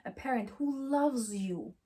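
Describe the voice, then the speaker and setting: A woman coaching self-love in an animated, swooping voice that sits a little high for her. Her tone is husky and breathy, emphatic and affirming, and she repeats encouraging phrases in slightly non-native English. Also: a little slow. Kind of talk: motivational talk to camera.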